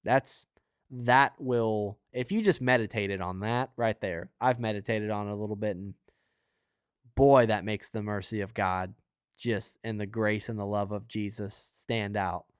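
A young podcast host and preacher with a lowish, clear, resonant voice has the hiccups while he gives a casual Christian teaching on his own show. He's earnest and conversational, rambling with fillers and asides, in a dry studio-quality recording.

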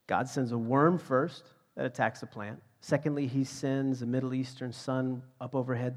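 A male pastor delivering a sermon at a mid-range pitch. He drives key points with rising volume and then sinks into soft, breathy whispers. His delivery is dynamic and earnest. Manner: dynamic, swings from loud emphasis to hushed whispers.

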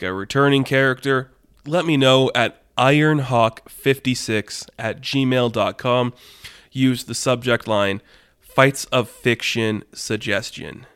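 A man's voice: medium pitch, a bit bright, clear, resonant tone. A man hosting a podcast, telling an improvised story casually, rambling and restarting as he goes. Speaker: podcast host.

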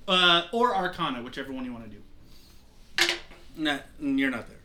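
A man's voice: medium pitch, animated, moderate pace, bright, forceful tone. A young man narrating a tabletop game as game master, rambling with lots of fillers. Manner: rambling, heavy use of "like" fillers.

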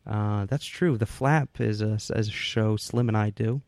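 Gravelly-voiced man co-hosting a podcast. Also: on the low side, unhurried, a little mellow, dry recording. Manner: reads listener mail, laughs often. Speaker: podcast co-host. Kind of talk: casual chat.

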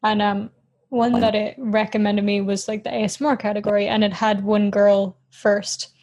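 A woman's voice: mid-range voice, flat delivery, moderate pace, darkish tone. A woman co-hosting a podcast in a casual chat, giggly and rambling, often poking fun at herself. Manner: giggly, rambling, self-mocking. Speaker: podcast co-host.

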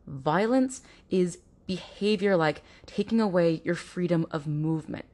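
A woman hosting an informative podcast, talking earnestly and directly to listeners, now and then mimicking other people in mocking voices. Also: on the low side. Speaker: podcast host.

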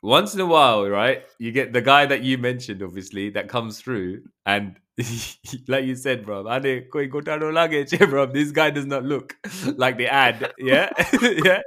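A man's voice: mid-range voice, a little slow, hardly any pauses, bright, forceful tone. A man co-hosting a podcast in casual, joking chat who mimics the voices of others. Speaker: podcast co-host.

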